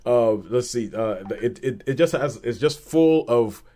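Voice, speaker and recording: A man co-hosting a podcast, reviewing a film in casual chat and retelling scenes with lively quoted voices. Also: medium pitch, unhurried. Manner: animated retelling with acted-out quotes and laughs.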